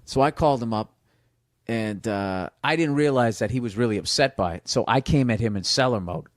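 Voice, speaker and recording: A man's voice: mid-range voice, a little fast, no echo, studio quality. A man telling stories casually on a podcast, swearing freely and acting out what other people said. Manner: profane, animated, acts out other people's lines. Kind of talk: casual storytelling.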